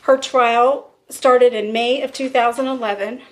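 Lady podcast host walking through a murder case, kinda high voice, loose chatty storytelling. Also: fairly even intonation, a little slow. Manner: storyteller, acts out quotes with fillers. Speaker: co-host telling a true crime story. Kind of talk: casual true crime chat.

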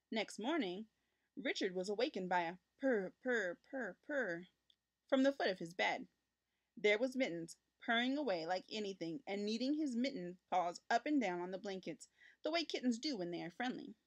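A woman reading a children's picture book aloud, with expressive, lively storytelling for young listeners. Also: on the high side. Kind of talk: children's read-aloud narration.

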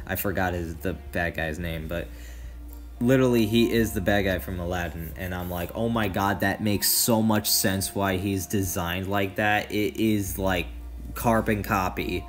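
A man's voice: deep voice, steady tone, unhurried, soft background music. A young man casually ranking cartoon characters in a rambling, filler-heavy way, often losing track of names. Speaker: tier list vlogger.

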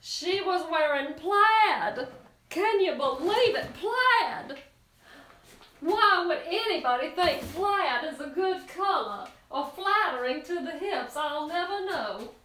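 A woman voicing a prim, gossipy female squash with a put-on Southern US accent, drawling slowly. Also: very high voice, animated, pushed and bright, echoey room, slight background noise, pitched above the performer's own voice, exaggerated voice.

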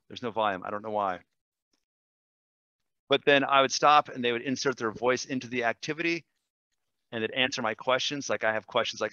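A man, a language teacher, demonstrating software in a webinar, enthusiastic and quick, with fillers and self-corrections. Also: medium pitch, dry recording, dull audio. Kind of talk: screen-share webinar demo.

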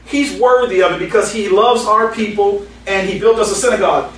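A man's voice: high-pitched, a little fast, fairly bright tone. A man, a pastor, teaching the Bible verse by verse in a conversational way, quoting scripture and telling anecdotes. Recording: echoey hall, mic at a distance.

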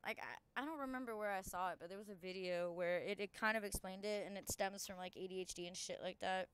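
A woman's voice: mid-range voice, fairly even intonation, fairly bright tone, smooth. Rambling, foul-mouthed young woman streamer. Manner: rambling and profane, quick self-corrections. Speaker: streamer host. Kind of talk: casual chat while gaming.

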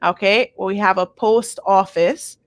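Slow, patient woman teaching a lesson. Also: medium pitch, fairly even intonation, dry recording. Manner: patient, checks in with frequent "okay?", models words slowly twice. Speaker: language teacher. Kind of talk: live online language lesson. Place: home.

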